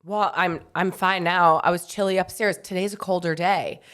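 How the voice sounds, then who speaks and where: A young woman with a slightly low voice chatting on her podcast. She sounds a little short of breath from pregnancy and keeps a teasing, laughing tone. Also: steady tone, normal speed, fairly bright tone. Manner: playful, teasing, laughs often. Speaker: podcast co-host. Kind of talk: casual chat.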